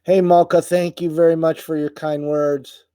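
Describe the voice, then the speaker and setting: Host, middle-aged man, casual live chat, tired and halting, mellow dry voice. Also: a little high, level tone, clear, resonant tone, no echo. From United States. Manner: halting, many fillers and restarts, emotional. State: tired, voice wearing out. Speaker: livestream host. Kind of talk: casual live chat reading viewer comments.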